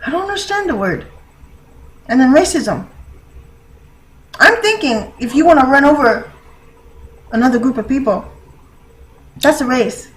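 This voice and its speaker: Woman vlogger, high voice, rambling and chatty, laughs a lot. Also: expressive, a little slow, pauses often, low-quality recording. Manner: laughs often, rambling with many fillers. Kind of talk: casual rambling monologue.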